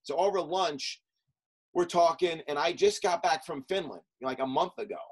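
Animated middle-aged man telling stories. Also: fairly high pitch, husky, rough recording. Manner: animated, talks in quick lists with many fillers. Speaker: podcast guest, coach and business founder. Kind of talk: casual storytelling interview.

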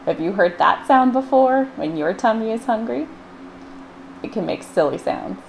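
Her fairly high, creaky voice has a darkish tone and plenty of animation as this librarian reads a picture book to children at normal speed. She acts out the sound words playfully with wide vocal swings, over a faint hiss or hum.

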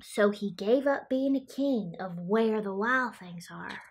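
A woman's voice: medium pitch, slow pace, breathy edge. A woman playing Pickles, a quirky childlike woman who says she was raised by wolves, reading a picture book aloud with chatty asides about herself in the third person. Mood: playful. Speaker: storyteller.

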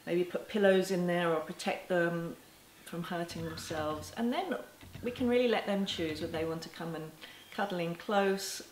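A woman with a fairly low voice speaks gently and reassuringly, as if teaching parents straight to camera. The room around her is echoey, and a faint ambient hum sits under her voice. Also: moderate pace, hardly any pauses. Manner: gentle and reassuring, with soft laughs. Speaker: parenting educator. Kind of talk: talking to camera.

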